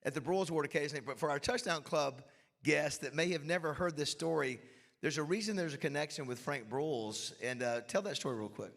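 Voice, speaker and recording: A man emceeing a club luncheon, with a gravelly, somewhat high voice. He pumps up the crowd with shout-outs and gets emotional along the way. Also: fast. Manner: hyped crowd-rousing, emotional asides. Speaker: host. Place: banquet hall.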